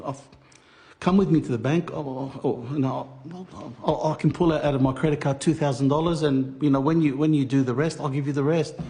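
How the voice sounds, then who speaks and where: A man's voice: fairly high pitch, fairly even intonation, warm tone. Man telling his story, restarting often. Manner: acts out others' lines, halting restarts. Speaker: interviewee recounting being scammed. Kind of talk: animated storytelling interview.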